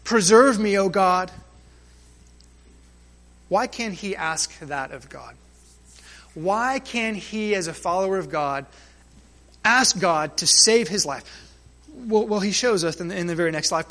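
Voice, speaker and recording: A man preaching a sermon as pastor, emphatic, stretching and swelling key phrases, then dropping to quiet asides. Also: high voice, animated, a little slow, pauses often.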